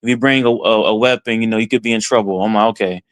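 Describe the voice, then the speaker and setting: A man from Texas, a podcast guest, telling a story in an excited first-person way and voicing his own thoughts along the way. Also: lowish voice, fast, no echo. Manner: excited, retells events with quoted self-talk.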